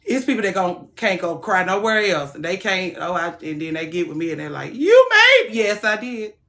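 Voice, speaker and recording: Lowish-voiced woman on a livestream, blunt and chatty, gets loud then quiet. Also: fairly quick, vocal fry. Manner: frank, animated, swings from soft to loud. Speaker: livestream host. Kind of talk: casual livestream chat.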